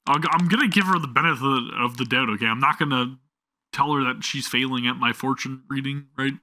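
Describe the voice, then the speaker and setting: A man's voice: mid-range voice, brisk, bright, forceful tone. A man reading a game's story aloud, breaking off for chatty, self-deprecating asides to his viewers. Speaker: gameplay streamer.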